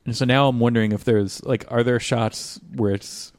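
A man's voice: mid-range voice, fairly even intonation, moderate pace, a little mellow, no room sound. A man co-hosting a podcast, chatting casually and rambling about a film scene with many fillers. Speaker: podcast co-host.

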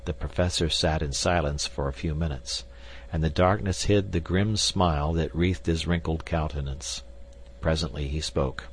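A man with a deep, low voice narrates an audiobook. His reading is steady and measured. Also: breathy edge.

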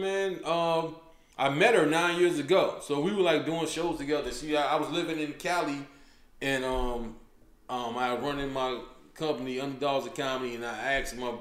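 A man's voice: a little high, fairly bright tone. A male comedian hosting his own show, telling stories in a loose, slangy, casual way and calling people "man" every few words. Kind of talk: casual podcast chat. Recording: roomy echoey room.

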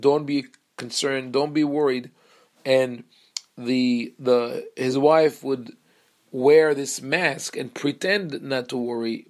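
A man teaching a Torah lesson as a rabbi, earnest and explanatory, pausing and restarting often. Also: mid-range voice.

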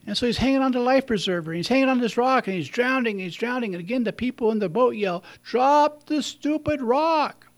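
A man's voice: very high voice, fast talker, hardly any pauses. A man giving a conversational sermon, telling stories and laughing at his own slips. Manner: conversational, warm storytelling, chuckles at himself. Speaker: preacher.

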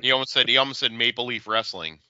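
A man's voice: medium pitch, fast, pushed and bright, no echo, highs cut off. A man co-hosting a podcast, chatting casually with wry, playful remarks and trivia. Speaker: podcast co-host. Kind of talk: casual chat over a video.

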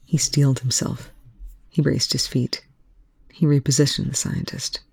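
A reader narrating fan fiction aloud in a steady, even manner with a gravelly voice. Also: mid-range voice, unhurried, no echo, clean studio sound. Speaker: audiobook reader.

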